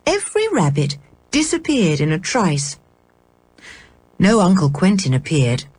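A woman reading a children's storybook aloud in a measured, expressive way. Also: on the low side, husky, no room sound. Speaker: audiobook reader. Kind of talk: storybook narration.

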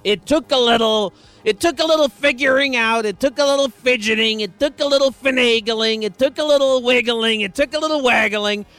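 A man's voice: very high-pitched, brisk, pushed and bright, no echo. A man hosting a radio music show, talking in a playful, rambling, jokey way between songs. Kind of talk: casual radio DJ patter. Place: radio studio.

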